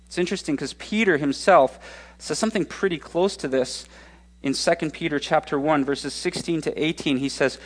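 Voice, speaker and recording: A male pastor preaching a sermon in an expressive way, slowing down and speeding up for emphasis. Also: fairly high pitch. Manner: expressive, shifting pace for emphasis.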